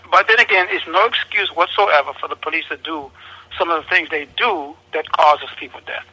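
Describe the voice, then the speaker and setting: A man in a casual discussion, emphatic, repeating himself and often clearing his throat. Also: fairly high pitch, normal speed, bright, forceful tone, low-quality recording.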